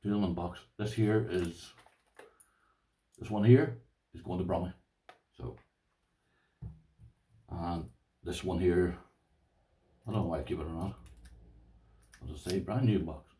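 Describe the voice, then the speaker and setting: An Irishman with a low, dark voice talks slowly, leaving long pauses, and the distant mic gives a roomy sound. He rambles chattily through a casual show-and-tell of his lock collection, calling viewers "boys" and saying "this here."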